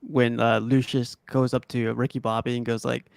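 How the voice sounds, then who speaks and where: A man with a gravelly voice walks through movie scenes from his notes, stopping often to find the words. His delivery stays relaxed and unhurried. The sound is dry and close. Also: mid-range voice, dry recording. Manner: halting, many fillers, brings notes. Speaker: podcast co-host. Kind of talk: casual movie chat.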